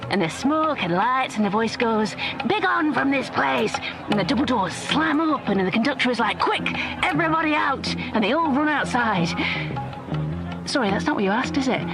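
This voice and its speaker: Theatrical, chatty female performer in a game; dramatic delivery over loud music. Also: on the high side. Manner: dramatic, breathless storytelling, acts out sound effects.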